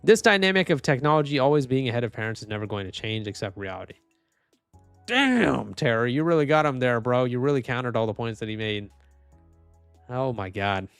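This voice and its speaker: A man's voice: medium pitch, lively intonation, fairly quick, a bit bright, smooth, no echo, soft background music. A young man streaming live, making casual commentary as he reads posts and keeps laughing and saying "dude". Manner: laughing, mocking, says dude a lot.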